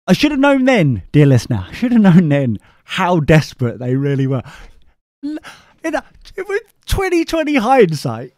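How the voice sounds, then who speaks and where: A man's voice: on the high side, wildly swooping pitch, a little slow, pauses often, darkish tone, no echo, clean studio sound. A man hosting a podcast, rambling through a comic story with sarcastic asides to the listener. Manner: chatty, self-mocking, sarcastic asides to the listener. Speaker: podcast host.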